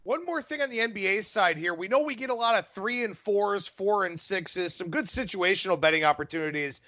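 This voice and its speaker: Bright, high-voiced male radio host. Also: fairly quick. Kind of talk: casual radio talk.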